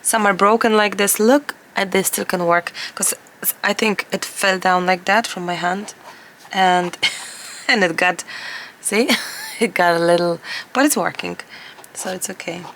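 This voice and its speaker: A woman collage artist chatting casually to camera while she crafts, her voice hoarse and gravelly, talking in a rambling way with frequent laughs. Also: mid-range voice, steady tone, a little slow, pauses often, a bit bright, a little hiss or hum.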